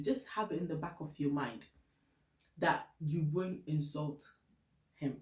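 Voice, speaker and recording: A woman's voice: low-pitched, animated, a little slow, darkish tone, reverberant. A woman from Ghana with a Ghanaian English accent, chatting candidly and laughing often as she gives relationship advice. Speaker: vlogger giving relationship advice. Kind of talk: casual advice chat.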